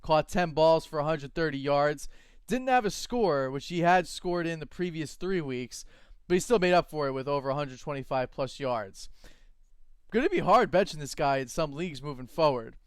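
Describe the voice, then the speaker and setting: A man co-hosting a fantasy football show with animated, opinionated chatter. His voice is smooth and clear and sits slightly high. The sound is dry and close. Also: moderate pace, dry recording. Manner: animated, laughs easily, opinionated. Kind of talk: casual sports chat.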